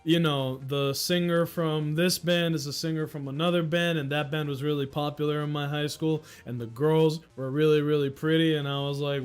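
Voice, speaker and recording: With faint music in the background, this young man hosts a livestream, talking loosely with viewers, drifting from story to story and laughing a lot. He's from the United States with Dominican-influenced American English, and his voice runs on the high side with a darkish tone at a moderate pace.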